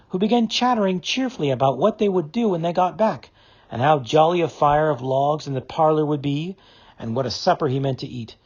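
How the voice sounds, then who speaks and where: A man narrating a classic novel as an audiobook, reading in an expressive, dramatic storytelling manner. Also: fairly high pitch, husky, highs cut off.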